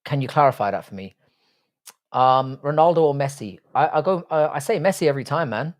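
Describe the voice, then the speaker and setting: Medium-pitched, lively and fairly quick, a young man with a London accent hosts a casual live stream, firing back at his chat with blunt, sweary sarcasm. He comes from Ireland but was brought up in London.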